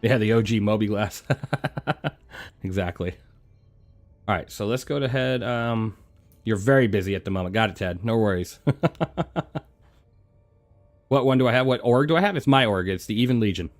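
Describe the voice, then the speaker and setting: Laid-back low-voiced male game streamer. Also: moderate pace, long pauses, soft background music. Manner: relaxed, chatty, answers chat between flying. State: chewing a throat lozenge. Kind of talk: casual live-stream chat.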